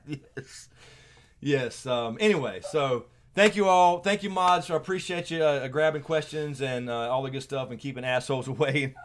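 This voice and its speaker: A man's voice: mid-range voice, moderate pace, slight background noise. Rambling laid-back Southern American man. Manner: rambling, laughs often, many fillers and restarts. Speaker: YouTube channel host. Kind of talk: casual livestream chat.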